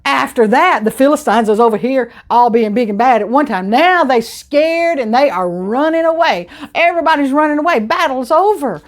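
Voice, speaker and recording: A woman teaching a children's Bible lesson, telling the story in an animated, exclamatory way. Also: fairly high pitch, moderate pace, hardly any pauses.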